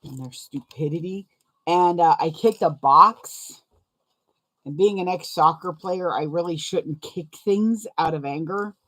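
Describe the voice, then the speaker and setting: A woman's voice: fairly low pitch, a little slow, fairly bright tone. A young adult woman chatting casually while sewing, rambling and self-deprecating, laughing often and wincing from a sore foot. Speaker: sewing vlogger.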